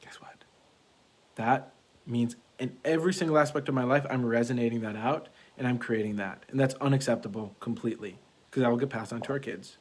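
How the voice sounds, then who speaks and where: A man's voice: mid-range voice, brisk. Earnest young man preaching casually. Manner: earnest, preachy, repeats key phrases, lots of "like". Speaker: vlogger, relationship coach. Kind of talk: casual monologue to camera. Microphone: wireless earbuds.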